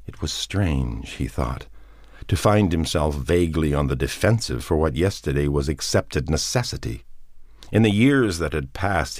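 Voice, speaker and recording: A man narrating an audiobook in a measured, expressive reading. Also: a bass voice, dry recording, studio quality. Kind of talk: scripted narration.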